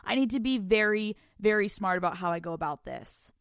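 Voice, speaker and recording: A woman's voice: mid-range voice, animated, brisk, gravelly, no echo, studio quality. A woman in her twenties hosting a podcast, telling a story in a casual, profane, laughing way and acting out the quotes. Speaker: podcast host.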